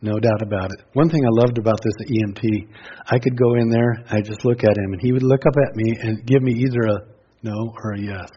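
A middle-aged man preaching a sermon as pastor, earnest, rising to loud exclamations and dropping to quiet pleading. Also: fairly low pitch, steady tone, brisk, husky. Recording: dull lo-fi sound.

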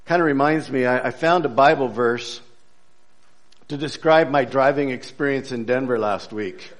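Relaxed, joking preacher, man. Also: medium pitch. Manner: conversational, joking storyteller with frequent uh fillers. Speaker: pastor. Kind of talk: sermon. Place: church.

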